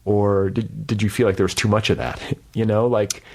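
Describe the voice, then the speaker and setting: A male podcast host in casual conversation, with a somewhat low voice. He talks candidly and loosely, swears freely and pokes fun at himself. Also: level tone, moderate pace, darkish tone. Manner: candid, profane, self-deprecating, many fillers.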